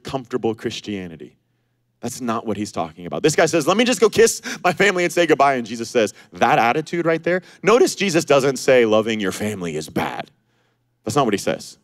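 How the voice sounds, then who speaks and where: A man in his thirties preaching a sermon as pastor, animated, acting out the voices he quotes. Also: mid-range voice, no room sound, clean studio sound.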